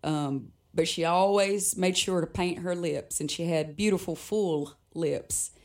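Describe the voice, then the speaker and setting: Low-voiced woman telling a personal story. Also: unhurried. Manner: reflective, laughs often between sentences. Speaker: guest performer, musician.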